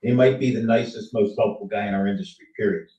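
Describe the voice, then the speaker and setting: A man hosting a casual online chat, animated and teasing, his voice rising and falling as he talks. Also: on the low side, fast. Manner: animated, teasing, swings loud and soft. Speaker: host. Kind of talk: casual chat on a video call. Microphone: video call. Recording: dull, roomy sound, distant from the mic.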